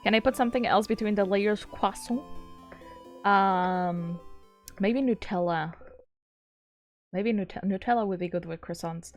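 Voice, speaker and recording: Woman game streamer, casual commentary, swears and laughs a lot, hushed when reading story text, faint music behind. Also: mid-range voice, a little slow, long pauses. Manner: excitable, swears freely, laughs often.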